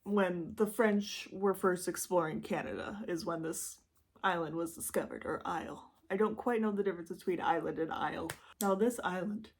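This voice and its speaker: A woman's voice: fairly low pitch, normal speed. Chatty Michigan woman telling a true-crime story. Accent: Midwestern American, Michigan. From Michigan, USA. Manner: chatty, self-deprecating, rambling asides. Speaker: YouTube host.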